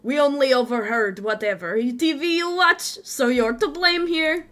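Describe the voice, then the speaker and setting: A woman voicing a tiny, scrappy male borrower thief in a video game, speaking with gruff, cocky confidence. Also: sits high, a little slow, a bit bright. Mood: smug.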